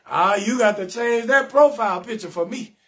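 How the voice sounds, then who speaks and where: A man hosts a live comedy stream, giving viewers shout-outs and roasting their names in a loud, sing-song, laughing manner. His voice sits high and his pace is normal.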